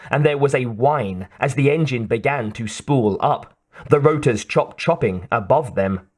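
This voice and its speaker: Slow, measured male audiobook narrator. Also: mid-range voice.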